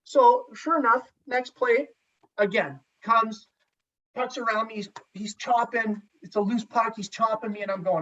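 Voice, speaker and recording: A man, a former hockey goalie, telling a story in a casual, animated way and swearing freely. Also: high-pitched, moderate pace. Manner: animated, profane, acts out dialogue. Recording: slightly distant, dull lo-fi sound.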